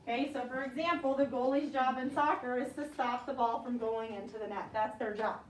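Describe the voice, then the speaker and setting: A woman's voice: high-pitched, fairly even intonation, a little fast. A woman teacher leading a vocabulary lesson, patiently repeating each word for the class to echo. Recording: echoey classroom from far off.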